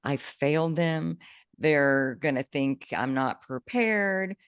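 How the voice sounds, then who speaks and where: A woman co-hosting a podcast, chatting casually and telling an animated story with bursts of excitement. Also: low voice, takes it slowly, smooth, no room sound, studio quality. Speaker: podcast co-host, coach. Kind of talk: casual chat.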